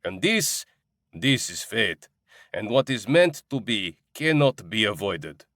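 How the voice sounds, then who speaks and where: A man's voice: lowish voice, very animated, slow pace, fairly bright tone, dry recording, clean studio sound, full character voice. A man doing a burly Russian ice cream vendor. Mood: earnest. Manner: broken English, earnest, fatalistic. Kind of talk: audiobook character voice.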